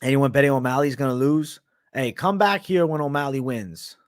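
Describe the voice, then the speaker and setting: A young man with a mixed Boston and New York sounding accent, hosting a live MMA betting show in a brash, profane, animated way, talking back to live viewers. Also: mid-range voice, moderate pace, dry recording, studio quality. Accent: mix of Boston, Canadian and Italian, often heard as New York. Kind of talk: live-stream commentary, casual and profane.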